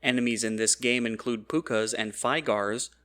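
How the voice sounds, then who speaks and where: A man reading out scripted quiz questions in an even, formal, measured way. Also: mid-range voice.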